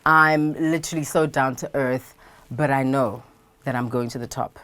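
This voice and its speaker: A woman's voice: rumbling low, fairly even intonation, normal speed, a bit bright. A South African woman, a radio presenter, chatting playfully and animatedly in a casual interview, laughing often. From KwaZulu-Natal, South Africa.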